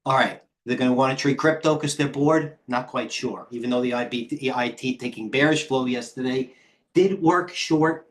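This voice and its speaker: A man in his 50s with a medium-pitched voice talks at a moderate pace while hosting a live trading stream. He offers casual, brash, rambling market commentary, reads from the chat, and lets some swearing slip.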